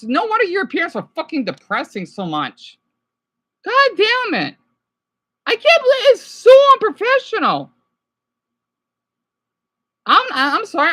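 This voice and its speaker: Woman, reaction host, profane rambling rant, bright edgy tone. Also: on the high side. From United States. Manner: profane, rambling, quick to apologize. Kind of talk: ranting reaction commentary.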